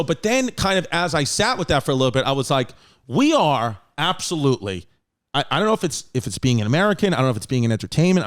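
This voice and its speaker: A man in his thirties with a New York accent, hosting a podcast in casual, profane, animated chat and laughing often. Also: on the high side. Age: 30s. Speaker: podcast host.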